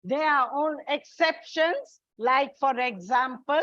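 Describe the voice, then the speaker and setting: Female English teacher, high voice, slow and deliberate delivery, dull lo-fi recording. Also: animated, no room sound. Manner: slow, deliberate, addresses students as children. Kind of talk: classroom lesson.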